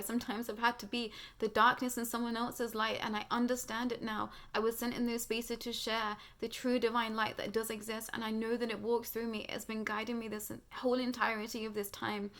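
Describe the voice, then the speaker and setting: A woman close to tears, speaking earnestly and slowly about a spiritual awakening as host of her channel. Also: a little high, flat delivery, a bit bright. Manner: tearful, earnest, slow heartfelt pauses. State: close to crying. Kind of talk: emotional spiritual monologue.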